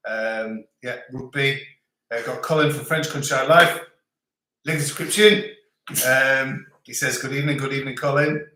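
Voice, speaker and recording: A middle-aged man, hosting a livestream and reading out viewer comments in a relaxed, chatty way with frequent laughs. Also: medium pitch. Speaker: livestream host. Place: home in rural France. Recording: echoey room.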